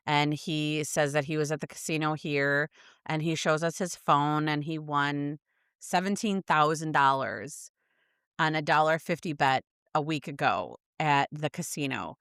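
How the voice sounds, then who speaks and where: A middle-aged woman with a low, smooth voice tells stories in lively casual chat, swearing freely. She co-hosts a podcast. Her voice sits close and dry on the mic. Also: dry recording. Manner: animated storyteller, swears freely. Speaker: podcast co-host.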